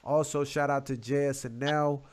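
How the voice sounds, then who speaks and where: A man co-hosting a casual chat show, talking in a laid-back, slangy way and giving shout-outs. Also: medium pitch, fairly even intonation, moderate pace, clear, resonant tone. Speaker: podcast co-host.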